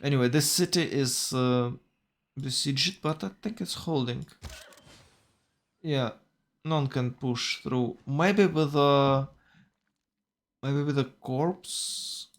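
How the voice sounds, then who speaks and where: Male tournament caster, unhurried, halting, often corrects himself mid-sentence. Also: mid-range voice, vocal fry. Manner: hesitant, self-correcting, thinking aloud. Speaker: tournament commentator. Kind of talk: strategy game commentary.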